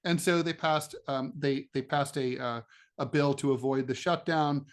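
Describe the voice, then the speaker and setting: A man's voice: fairly high pitch, fairly even intonation, moderate pace. Sardonic, chatty man co-hosting a podcast. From United States. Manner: chatty and sardonic, with many fillers and restarts. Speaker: podcast co-host, political cartoonist. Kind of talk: casual political chat.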